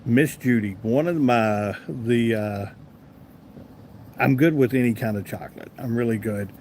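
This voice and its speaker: A man's voice: medium pitch, unhurried, a little mellow. Southern guy on a live stream reading chat comments, laid back and chatty, faint hiss behind him. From American South. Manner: easygoing, chatty, talks to viewers by name.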